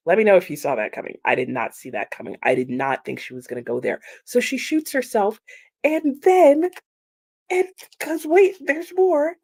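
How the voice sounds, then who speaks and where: A woman hosting a casual book chat, animated and emphatic, with frequent "like" and laughter. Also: fairly high pitch, moderate pace, creaky, slightly rough. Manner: animated and emphatic, with repeated exclamations. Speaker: book livestream host.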